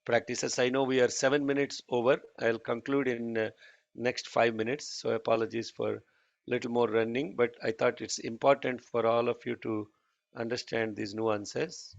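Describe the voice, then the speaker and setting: A man teaching a chanting class online, patiently correcting pronunciation and demonstrating lines slowly. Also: medium pitch, level tone, creaky, dry recording, muffled recording.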